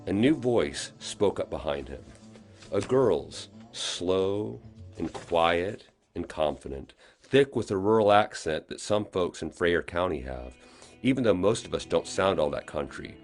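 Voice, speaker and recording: A man, the author, reading his own novel aloud in expressive audiobook narration. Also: low-pitched, a little slow, faint music behind. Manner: expressive storytelling.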